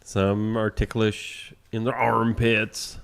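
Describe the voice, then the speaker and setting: A man's voice: on the low side, flat delivery, slow pace, gravelly. A man co-hosting a morning show in casual chat, mostly reacting with short remarks.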